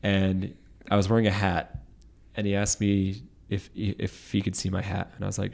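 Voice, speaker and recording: Very deep gravelly man telling a story. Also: completely flat delivery, a little mellow. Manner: sentimental, halting storyteller. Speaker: podcast host. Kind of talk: casual storytelling.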